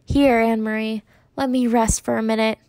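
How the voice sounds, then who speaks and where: A woman voicing a gentle mother who stays calm and reassuring, speaking softly and steadily in a storybook reading. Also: fairly high pitch, normal speed, no room sound, lightly acted. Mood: soothing. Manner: soft, steady, self-deprecating.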